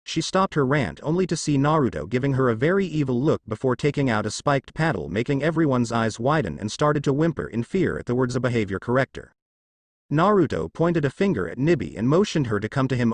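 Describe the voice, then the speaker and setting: A man narrating a fanfiction story in an expressive reading. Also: medium pitch, no echo.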